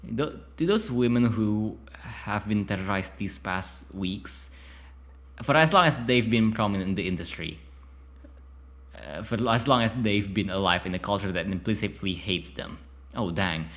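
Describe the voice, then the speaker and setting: Guy with a lowish voice reading a story game out loud, keeps tripping on words and rambling to himself. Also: animated, moderate pace. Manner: stumbles over words and breaks off into chatty self-talk. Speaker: YouTuber playing a narrative game. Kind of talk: reading game text aloud with casual asides.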